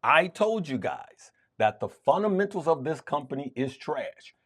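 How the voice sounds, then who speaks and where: A man's voice: a little high, a little slow, husky. A man hosting a stock trading show, talking viewers through charts in an emphatic, repetitive way. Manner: emphatic, lively, repeats points for stress. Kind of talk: market commentary to viewers.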